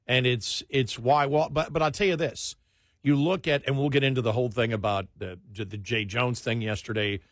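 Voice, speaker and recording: A man's voice: mid-range voice, fairly even intonation, normal speed, a bit bright, dry recording, studio quality. Wry, teasing male radio co-host. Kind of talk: talk radio banter.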